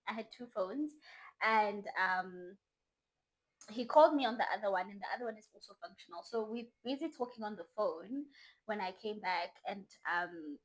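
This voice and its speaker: A young South African woman telling a dating story on her vlog, swinging from loud exclaims to hushed asides. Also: medium pitch, lively intonation, moderate pace, poor audio. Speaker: vlogger.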